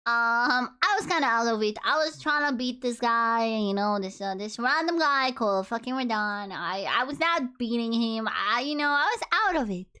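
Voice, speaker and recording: A young woman live streaming, chatting casually and profanely with her viewers, joking and swinging between squeals and low mutters. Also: lively intonation, normal speed, hardly any pauses, pushed and bright, clear, resonant tone.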